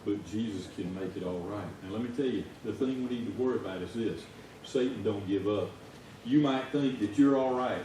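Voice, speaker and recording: A lay preacher with a Southern US accent and a lowish voice moves fairly quickly through a folksy, conversational sermon, raising his voice to shouts in stories. Slight background noise mixes with the echoey, distant church sanctuary.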